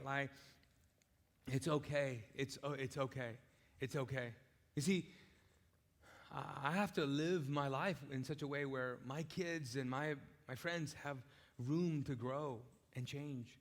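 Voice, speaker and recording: A man, a pastor, giving a live conversational sermon in a large church, repeating his phrases and moving between soft and loud. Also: medium pitch. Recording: live church hall with long reverb.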